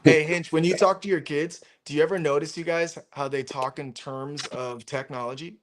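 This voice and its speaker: Animated man telling swear-laden stories. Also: a little high, normal speed, slight background noise. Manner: animated storyteller, swears freely, acts out quotes. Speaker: stream host. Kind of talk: casual chat.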